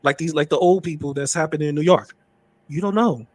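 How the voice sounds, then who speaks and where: Man streamer, quick and preachy, high voice, dry close sound. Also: a little mellow, dry recording. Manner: fast, insistent, preachy. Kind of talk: commentary.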